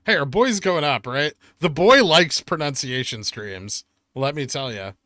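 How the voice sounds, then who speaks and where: A man's voice: fairly high pitch, lively intonation, a little slow, bright, forceful tone, no echo, studio quality. A man streaming live, reading chat aloud and bantering in a sardonic way, swearing often and laughing at himself.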